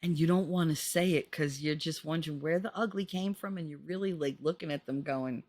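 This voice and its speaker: A woman hosting her channel, commenting casually on a book she reads from, blunt and joking, swearing freely and swooping into squeaky high notes. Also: a little fast, a little mellow, no room sound.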